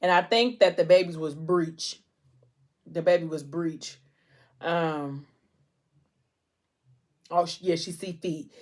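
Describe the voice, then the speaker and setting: A woman's voice: fairly low pitch, takes it slowly, pauses often, darkish tone. A woman vlogger casually recapping a book, chatty and slangy, with a stressed edge. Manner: chatty, retells scenes with slangy asides.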